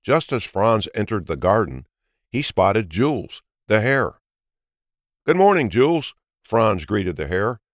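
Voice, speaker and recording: A man reading a children's story aloud in an expressive, lilting way. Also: on the low side, measured pace, no room sound, studio quality. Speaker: narrator. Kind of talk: storybook narration.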